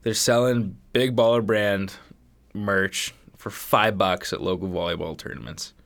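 Low-voiced swearing podcast co-host, a man. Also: unhurried, vocal fry. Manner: swears a lot, animated storytelling. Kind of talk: casual chat.

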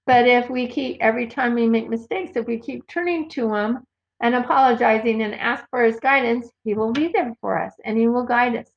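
A woman's voice: on the high side, moderate pace, gravelly. A woman giving informal Bible teaching, earnestly reading verses aloud and citing their references. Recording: dull lo-fi recording.

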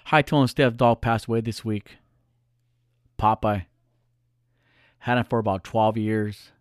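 A man's voice: fairly low pitch, fairly even intonation, unhurried, clear, resonant tone, no echo, studio quality. A male podcast host talking alone in a casual, earnest, reflective way, repeating phrases for emphasis. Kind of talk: casual solo monologue.

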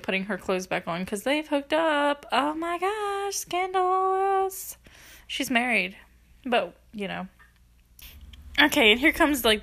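A woman's voice: medium pitch, fairly bright tone. A young woman recapping a movie in a casual, chatty way, rambling with lots of fillers and frequent giggles. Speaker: movie reviewer.

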